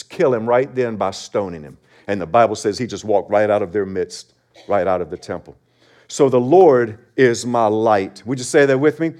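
A man's voice: medium pitch, a little mellow. Man preaching an earnest sermon. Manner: earnest preaching, reads scripture aloud with emphasis. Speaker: pastor.

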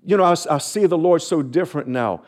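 A man's voice: fairly high pitch, a little fast. Earnest preacher man. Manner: earnest, repeats a phrase for emphasis, chuckles often. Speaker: pastor. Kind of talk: sermon.

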